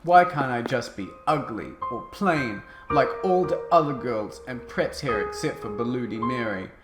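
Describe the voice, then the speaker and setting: A man's voice: medium pitch, animated, normal speed, echoey room, over music, close to an everyday voice. A man voicing a melodramatic teenage goth girl, with whiny, overwrought complaining.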